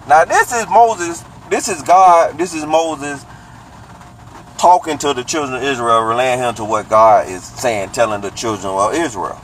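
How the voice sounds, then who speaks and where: A man casually teaching from the Bible, breaking down the meaning of words and rereading verses slowly. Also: mid-range voice, slight background noise, poor audio.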